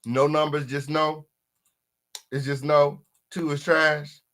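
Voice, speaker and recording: Sassy, animated man commentating. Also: slow pace. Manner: animated, sassy, swings between loud outbursts and low mutters; asks viewers to vote in the chat. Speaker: commentary host. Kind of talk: reaction commentary on a diss track.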